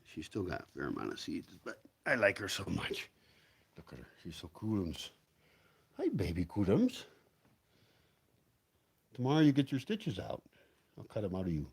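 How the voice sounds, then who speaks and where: A man rambles through a casual vlog, talking to himself as he wanders around outdoors at home. His voice is husky and fairly low, and it swings up and down a lot. He swears freely and drifts between topics. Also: wildly swooping pitch, brisk. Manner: rambling, profane, talks to himself and his dogs. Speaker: vlogger.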